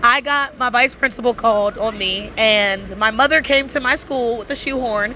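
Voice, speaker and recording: A young woman gives candid, laughing answers in an outdoor street interview. Her voice is bright and sharp. Faint city traffic hums behind her. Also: a little high, normal speed, poor audio. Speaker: interview guest.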